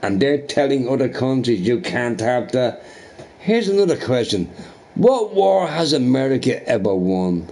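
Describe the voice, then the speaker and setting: A man chatting casually while streaming a game, rambling and swearing through animated rants and asking "right?" often. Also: medium pitch, a little slow. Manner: profane, ranting, animated opinions with frequent "right?".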